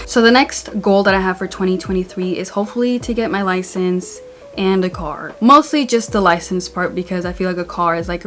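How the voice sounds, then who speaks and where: A young woman vlogging from her bedroom, her voice sitting a little low for a woman. She talks in a chatty, candid way, full of "like" and sudden playful bursts. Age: young adult. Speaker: YouTuber. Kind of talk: casual vlog monologue.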